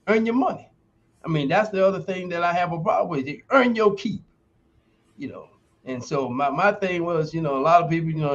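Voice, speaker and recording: A man's voice: sits high, lo-fi sound. A man in his sixties, a retired athlete telling stories in an interview, emphatic and folksy like a motivational coach. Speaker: guest, retired football player and university lecturer. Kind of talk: podcast interview storytelling.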